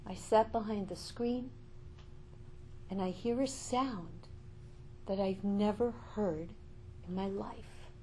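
A woman's voice: mid-range voice, slow pace, pauses often, warm tone, slight background noise. An older woman giving an inspirational storytelling talk, emphatic and full of repeated rhetorical questions. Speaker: inspirational speaker.

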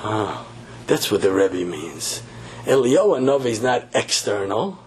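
A man telling a story in a sermon, animated and repeating phrases for emphasis. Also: lowish voice, measured pace, slightly rough. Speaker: religious teacher.

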